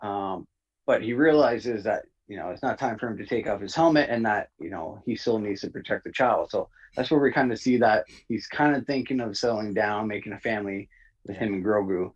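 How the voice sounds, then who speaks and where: A man co-hosting a review podcast in a casual chat, talking in a relaxed, hesitant way with many fillers. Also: lowish voice, a little fast, breathy edge. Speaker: podcast co-host. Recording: dull lo-fi audio.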